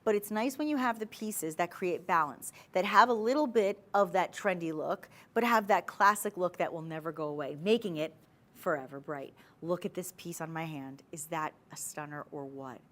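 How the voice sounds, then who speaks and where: A woman's voice: lowish voice, moderate pace, a bit bright. A woman hosting a TV shopping show, chatty and persuasive, talking straight to the viewers as she sells jewelry. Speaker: shopping channel host. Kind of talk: TV shopping sales pitch.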